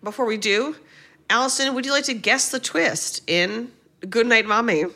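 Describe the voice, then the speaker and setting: Casting: woman, podcast co-host, playful and rambling, fairly high, bright tone. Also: normal speed, slight background noise. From United States. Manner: playful, rambling, jokey asides. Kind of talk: casual comedic movie recap.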